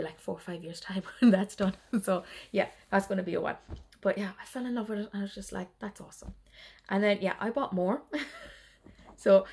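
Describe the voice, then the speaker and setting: A woman's voice: medium pitch, darkish tone. A tired woman chatting casually in a rambling way on her cross-stitch vlog, laughing often. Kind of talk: casual chat.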